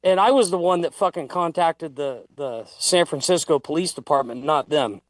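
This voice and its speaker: A man's voice: on the high side, moderate pace, dry recording. A man telling a heated, profane story in a casual livestream chat. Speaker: guest.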